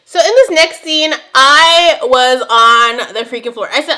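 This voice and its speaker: A young woman recapping a TV episode in casual chat, animated and quick to laugh, with dramatic exclamations. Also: high-pitched. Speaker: TV show recap host.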